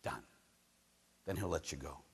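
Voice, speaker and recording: A man's voice: a little high, sing-song, a little fast, bright, forceful tone, long reverb tail. A man from Pittsburgh with a Pittsburgh accent, preaching a sermon told as a jokey farm story, with big swings in volume.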